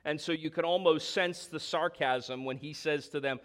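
A man's voice: a little high, normal speed, few pauses, fairly bright tone. A man preaching a sermon, emphatic, stretching key words for stress and dropping in conversational asides. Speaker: pastor.

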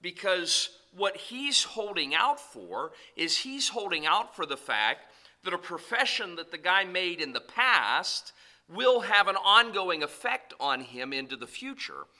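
A man's voice: sits high, sing-song, a little slow, sharp tone. A man preaching a sermon, emphatic and conversational, repeating key points and turning to address the congregation directly.

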